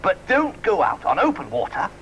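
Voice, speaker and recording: A cheeky fox puppet with a high, bright, bouncing voice that swoops all over the place. He puns constantly and chuckles at his own gags, in a lively TV safety-film sketch. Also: moderate pace, slight background noise, heavily acted. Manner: bouncy, punning, laughs at own jokes. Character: cheeky male fox puppet, jokey and giggly. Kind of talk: 1990s TV public information film.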